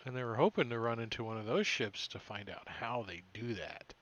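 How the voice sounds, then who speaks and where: A man running a tabletop game as game master, narrating in a relaxed, joking way with many fillers. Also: medium pitch, fairly quick, lo-fi sound.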